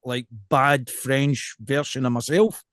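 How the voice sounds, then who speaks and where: A man with a West of Scotland accent, co-hosting a casual podcast chat in an animated, jokey way. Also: mid-range voice, slow pace, no room sound, clean studio sound. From Scotland, South Lanarkshire. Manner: animated, jokey, throws in mimicked voices. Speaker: podcast co-host.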